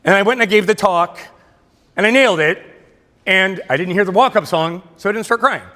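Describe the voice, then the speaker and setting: Middle-aged man, high lively voice, bright tone, storytelling keynote, long hall reverb. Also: brisk. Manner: self-deprecating, animated storytelling. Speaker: keynote speaker. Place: large hall at a luncheon.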